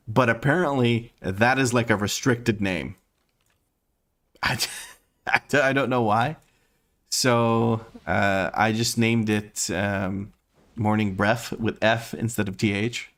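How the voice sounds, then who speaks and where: A man with a slightly low voice chats his way through a live game stream at home. He talks loosely and playfully, narrates his moves as he goes, and laughs easily. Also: steady tone, slow pace, fairly bright tone. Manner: chatty and playful, laughs often, thinks aloud. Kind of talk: casual live-stream chat while gaming. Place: home room.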